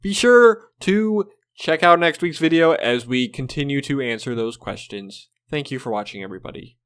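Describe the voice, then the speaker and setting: A man's voice: medium pitch, fairly quick, a bit bright, smooth. Blunt, swearing football-picks guy. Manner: blunt, profane, exasperated. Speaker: sports video host. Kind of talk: casual sports predictions.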